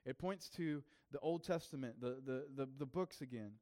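A man's voice: medium pitch, normal speed, a little mellow. A man preaching a sermon as pastor, in a casual, conversational way with frequent fillers and restarts.

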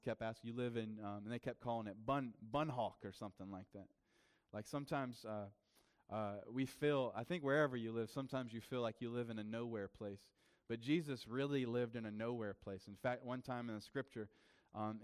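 A man's voice: medium pitch, smooth. A man preaching a sermon as pastor, in a casual, conversational way with frequent fillers and restarts.

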